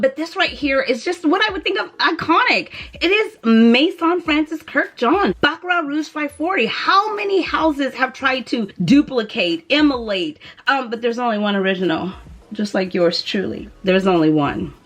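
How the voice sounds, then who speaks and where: A chatty woman vlogger talks to her viewers about her perfume collection. Her voice sits fairly high, and she swings into dramatic, playful asides. The delivery stays casual and direct. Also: fairly bright tone. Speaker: beauty and fragrance vlogger. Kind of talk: casual chat to camera.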